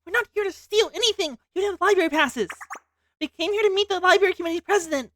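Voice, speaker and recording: A woman streamer reading game dialogue aloud in an expressive way. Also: very high voice, fast talker, dry recording, clean studio sound.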